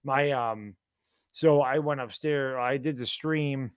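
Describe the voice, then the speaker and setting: Recorded in a clean studio with no room sound, this thirties-aged co-host of a sports talk stream has a clear, resonant mid-range voice and a slow pace. Tired and yawning, he chats casually, drifting into rambling, easygoing stories.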